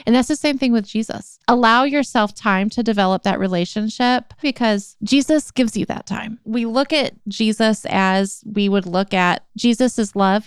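Smooth-voiced gentle woman interviewer. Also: a little high, dry recording, studio quality. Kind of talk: faith talk.

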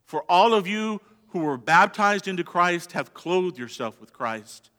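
A man preaching a sermon as a pastor, swinging between hushed, quiet stretches and emphatic passages. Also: high-pitched, lively intonation, a little slow. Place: church sanctuary. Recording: long reverb of a large hall.

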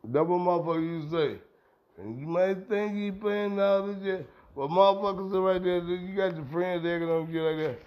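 A man's voice: sits high, normal speed. A middle-aged man hosting a podcast, ranting in a heated, profane, rambling way. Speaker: podcast host. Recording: dull lo-fi sound.

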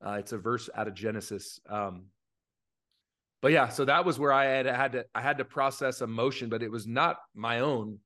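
A man's voice: medium pitch, normal speed, sharp tone. A man who coaches youth baseball, chatting on a podcast in an earnest, openly emotional way with plenty of fillers. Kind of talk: casual podcast chat.

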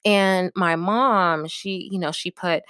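A woman's voice: on the low side, fairly even intonation, slow pace, fairly bright tone, clean tone, no echo, studio quality. A woman giving casual, direct advice in a coaching manner, often checking in with her listeners. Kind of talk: casual advice talk to camera.

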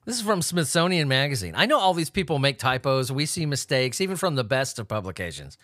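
A man's voice: medium pitch, very animated, fast, few pauses, fairly bright tone, no echo. Sarcastic, profane man, dry sound. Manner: swearing, laughing, sarcastic asides. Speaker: host. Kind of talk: profane comedic news commentary.

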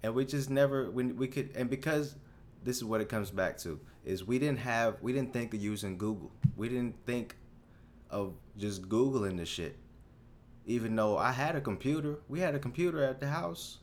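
A man in his twenties hosting a solo podcast, rambling through a story in a casual, profane, animated way, full of restarts. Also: medium pitch, normal speed, slight background noise. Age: 20s. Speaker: podcast host.

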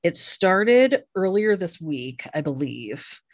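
A woman's voice: on the low side, big pitch swings, takes it slowly, no echo, clean studio sound. A woman co-hosting a podcast, chatting casually with lots of fillers and casual swearing, recorded over a video call. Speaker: podcast co-host. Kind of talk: casual chat.

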